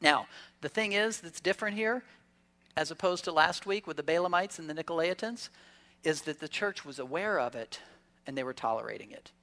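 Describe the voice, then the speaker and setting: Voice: medium pitch, lively intonation, fairly quick, pushed and bright. Pastor at a church service, chatty preaching style with rhetorical questions and light jokes. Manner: conversational preaching with rhetorical questions and humorous asides. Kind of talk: sermon.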